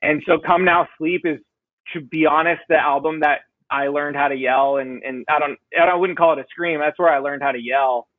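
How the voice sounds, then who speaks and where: Guy on a podcast, kinda high voice, rambling and self-deprecating, lots of ums, thin phone-like sound, dry. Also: fairly even intonation, a little fast, no echo. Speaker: podcast guest, band vocalist. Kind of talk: casual interview chat.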